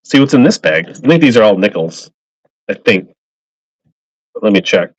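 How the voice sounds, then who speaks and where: Selling fishing gear on a relaxed live stream, this man auctions lures in a fairly low, sing-song voice at a moderate pace. He rambles cheerfully and calls out buyers by name. The audio has no echo but comes through slightly dull and lo-fi.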